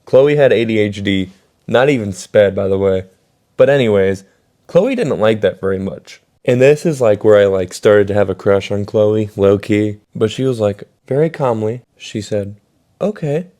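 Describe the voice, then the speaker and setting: A man's voice: fairly low pitch, normal speed, mellow. A young man telling a rambling, profane story in a casual storytime vlog, full of fillers. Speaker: storytime vlogger.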